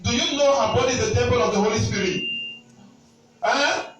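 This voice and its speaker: A man's voice: very high voice, fairly quick, background noise. A man leading a deliverance prayer as a prophet, commanding and interrogating, repeating his words. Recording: echoey hall, distant mic, faint music.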